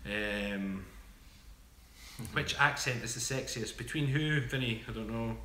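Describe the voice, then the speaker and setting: A man's voice: mid-range voice, unhurried, sharp tone, roomy sound, a little hiss or hum. A Scottish man co-hosting a fitness channel's live Q&A, reading out viewer comments and joking with a laugh. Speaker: fitness coach co-host.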